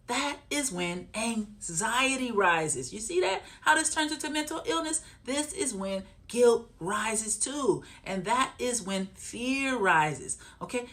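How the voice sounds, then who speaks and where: Woman therapist teaching, higher voice, lots of up and down, keeps asking "okay?". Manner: animated, repeats points, keeps checking in with listeners. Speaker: trauma therapist and coach. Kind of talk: teaching talk to camera.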